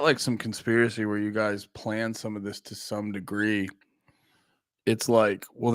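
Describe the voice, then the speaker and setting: A man's voice: lowish voice, a bit bright, dry recording, studio quality. A man streaming and reacting to a documentary, rambling, laughing and swearing in casual commentary.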